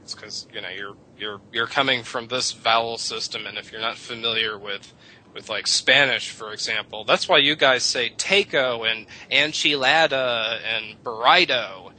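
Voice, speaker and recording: A man's voice: medium pitch, moderate pace, sharp tone, rough recording. A man chatting on a radio show, explaining how English vowels changed, rambling and cursing casually. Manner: rambling, lecturing, swears casually. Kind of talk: casual radio chat about language history.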